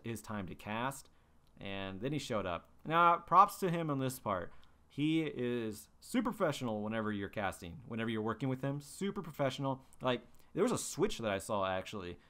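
With a lowish, smooth voice that sounds bright and forceful, a young podcast host tells stories in a casual monologue. His delivery is loose and rambling, full of fillers and restarts.

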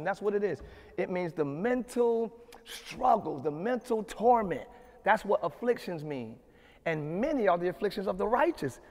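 High-voiced pastor preaching in a reverberant hall. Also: male voice. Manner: preaches with rising shouted emphasis and repeated refrains. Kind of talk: sermon. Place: church sanctuary.

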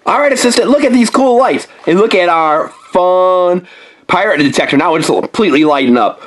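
A woman's voice: lowish voice, brisk. A woman hosting a playful toy unboxing, exclaiming over each find and coaxing a young helper along. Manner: animated, exclaiming over toys, coaxing a child.

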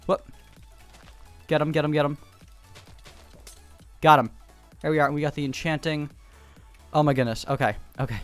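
A man giving fast, excitable gameplay commentary from home, repeating short calls in quick bursts. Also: on the high side, faint music behind. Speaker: gaming YouTuber. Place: home room.

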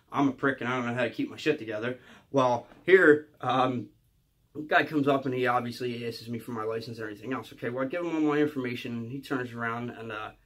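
A man, telling a rambling, profane storytime monologue and ending lines with a quick "okay?". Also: mid-range voice. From Philadelphia area. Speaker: comedian.

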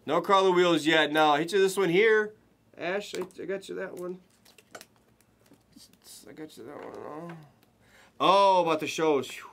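Excitable man calling a card break. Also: a little high, a little slow, long pauses, background noise. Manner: excited running play-by-play, chatting with viewers. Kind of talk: live card-opening commentary.

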